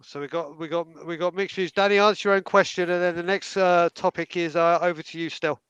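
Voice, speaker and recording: A man's voice: high-pitched, steady tone, brisk, a bit bright, clear, resonant tone, dry recording, highs cut off. A man hosting a casual football podcast over a call, stumbling over his words and joking at himself. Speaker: podcast host. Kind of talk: casual fan podcast chat.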